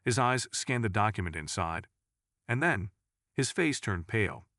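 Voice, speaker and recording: A man narrating a dramatic courtroom story in a suspenseful, measured reading. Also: on the low side, expressive, a bit bright, no echo, clean studio sound.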